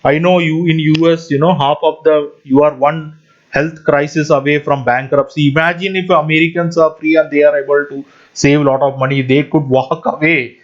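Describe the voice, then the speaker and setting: A man's voice: on the high side, steady tone, normal speed. Man rambling with nervous laughs. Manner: rambling, often laughs mid-sentence, keeps addressing viewers as guys; non-native English speaker. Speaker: channel host. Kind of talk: casual rambling monologue. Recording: dull lo-fi audio.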